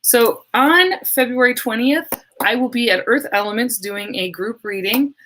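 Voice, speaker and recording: A middle-aged woman hosting a casual livestream into a webcam, chatty and meandering. Her voice is a little hoarse, and she laughs easily as she talks to viewers. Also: fairly high pitch, normal speed, fairly bright tone, a little hiss or hum. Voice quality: slightly hoarse. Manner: chatty, rambling, laughs often. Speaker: medium and livestream host.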